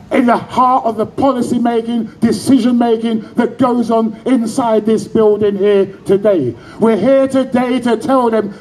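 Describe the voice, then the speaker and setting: A man's voice: extremely high pitch, darkish tone, rough recording. A man, giving an impassioned protest speech outdoors and leading call-and-response chants as an activist speaker.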